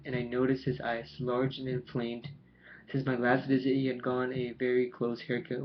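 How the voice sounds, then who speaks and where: A man reading a novel aloud in a plain, careful way, with small stumbles, recorded with a dull, lo-fi sound. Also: medium pitch. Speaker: audiobook reader. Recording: dull lo-fi home recording with faint hiss.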